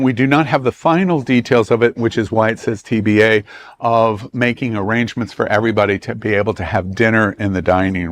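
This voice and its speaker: A man's voice: lowish voice, no room sound. A man with a Southern US accent, hosting a travel club and briefing a group in a meeting room in a chatty, joking way.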